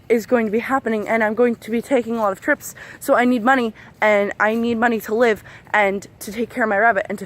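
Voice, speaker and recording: A woman in her twenties angrily venting in a casual vlog, swearing a lot while walking outdoors among trees. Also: on the high side. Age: 20s. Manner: angry, profane, venting. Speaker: vlogger.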